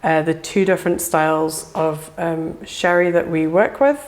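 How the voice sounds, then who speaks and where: A woman's voice: deep voice, fairly even intonation, unhurried. A woman in a casual interview, explaining at length in a chatty way, with fillers. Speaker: whisky brand representative.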